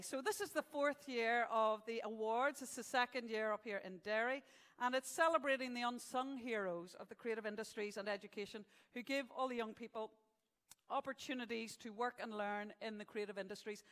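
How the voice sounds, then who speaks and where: A woman with a fairly high, slightly bright voice hosts a live awards event, and the audio sounds like a large hall. Between announcements she jokes with the crowd from the venue stage. Her manner is chatty and jokey, with gags and punchlines in a live stand-up hosting style.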